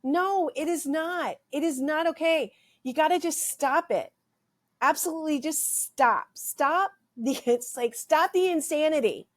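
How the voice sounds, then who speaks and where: A middle-aged health practitioner hosts her podcast with an impassioned rant, emphatically repeating phrases, her throat a little dry. Her voice is high and a little slow.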